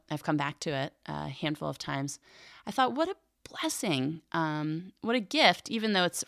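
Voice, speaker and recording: Low-voiced, chatty woman reflecting on faith. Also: vocal fry, a bit bright, no room sound, clean studio sound. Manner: chatty, many fillers like "like" and "um"; earnest and self-reflective. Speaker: Catholic catechism podcast co-host. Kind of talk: casual reflective teaching.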